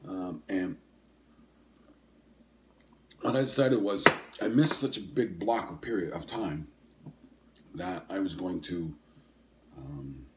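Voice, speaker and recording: Low-voiced rambling older man hosting a podcast. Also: slow, pauses often, noisy background. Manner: rambling and hesitant, full of ums and self-corrections. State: coughing and sniffling. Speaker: podcast host. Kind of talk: casual solo podcast chat.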